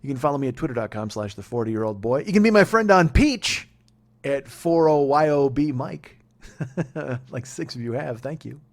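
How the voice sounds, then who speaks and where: A man's voice: medium pitch, animated, moderate pace. A man in his forties hosting a podcast, telling a comic story in a profane, exasperated, self-mocking way. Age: 40s. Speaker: podcast host.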